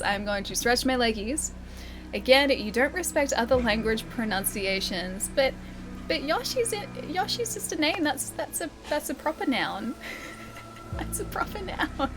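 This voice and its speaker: A woman with an Australian accent, chatting casually with her viewers while she plays a game live, laughing often and answering chat. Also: on the high side. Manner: chatty, giggly, reads chat aloud. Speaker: livestreamer.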